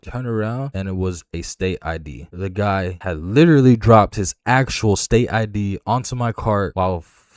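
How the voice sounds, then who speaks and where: Young man, very low voice, profane, animated storytime; dry close sound. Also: no echo. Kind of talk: storytime narration over gameplay.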